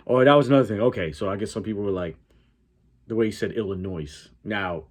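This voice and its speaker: A man's voice: low voice, brisk, a little mellow, slightly rough. A man with a Connecticut accent doing reaction commentary, blunt and profane, talking back at the clip he is watching. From Connecticut, USA. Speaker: reaction YouTuber.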